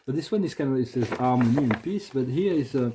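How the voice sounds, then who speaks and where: A man hosting a casual spiritual video, soft-spoken and halting, often repeating words and restarting his sentences. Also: mid-range voice, animated, noisy background. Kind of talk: casual spiritual vlog talk.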